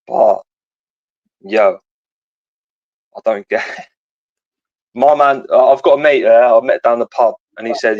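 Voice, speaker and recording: A man's voice: medium pitch, measured pace, long pauses, no echo, muffled recording. A young man, a radio caller chatting casually in a slangy, rambling way with lots of swearing. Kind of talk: casual phone-in chat.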